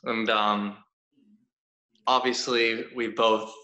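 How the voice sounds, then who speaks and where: Bright-voiced man hosting in a roomy space. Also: on the low side, flat delivery, drawn-out words, muffled recording. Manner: reflective, supportive questioning. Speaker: podcast host. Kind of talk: conversational interview. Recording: roomy echo.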